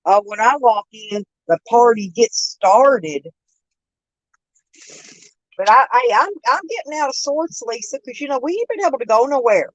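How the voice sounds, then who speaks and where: A woman hosts a live chat stream, chatting casually with viewers, laughing often and addressing them by name. Her voice is a little high and animated, at a moderate pace. She's recorded on a phone, with no room sound and poor audio.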